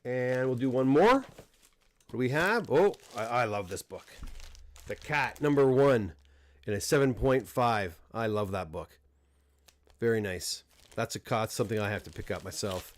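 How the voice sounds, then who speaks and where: A middle-aged Canadian man hosting a casual livestream unboxing, talking in a relaxed, rambling way with frequent restarts and fillers. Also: medium pitch, normal speed, no room sound. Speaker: comic book dealer and host. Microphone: desk microphone close up.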